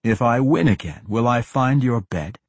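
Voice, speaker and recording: A man's voice: mid-range voice, expressive, moderate pace, darkish tone, breathy edge, dry recording. A man narrating an audiobook who speaks the lines of a teasing, roguish male swordsman in a playful, flirtatious manner.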